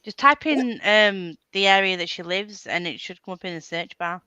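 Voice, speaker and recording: A woman's voice: mid-range voice, normal speed, pushed and bright, clean tone, no echo, dull audio. A woman hosting a reading stream, chatting casually and laughing often. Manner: chatty, laughs often, playfully mimics accents. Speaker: reading sprint stream host. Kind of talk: casual chat.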